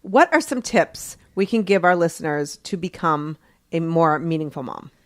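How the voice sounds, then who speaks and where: A woman's voice: low voice, animated, normal speed, no room sound, clean studio sound. A woman in her forties co-hosting a podcast, chatty and self-deprecating in casual talk. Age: 40s. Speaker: podcast co-host. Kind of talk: casual chat.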